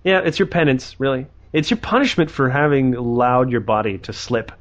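A man hosting a podcast in casual chat over an internet voice call, chatty and joking with quick asides. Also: mid-range voice. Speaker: podcast host. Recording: muffled internet call audio.

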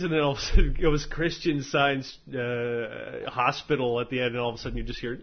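A man's voice: mid-range voice, fairly even intonation, a little fast, hardly any pauses. Rambling lo-fi podcast host, a man. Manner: rambling, filler-heavy, swears freely. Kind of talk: casual podcast chat. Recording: slightly dull lo-fi audio.

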